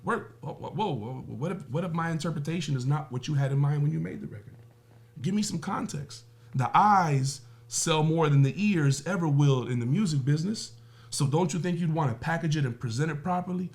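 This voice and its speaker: A man's voice: a little high, brisk, darkish tone. A man talking on a podcast as a guest, emphatic and profane, firing off rhetorical questions and everyday analogies. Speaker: music business guest. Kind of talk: podcast interview talk.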